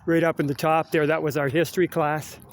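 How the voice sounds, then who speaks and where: A middle-aged Canadian vlogger talks briskly in a slightly high, flat voice while walking around school grounds outside. His talk is casual and wandering, with "eh?" tacked onto the ends of his phrases.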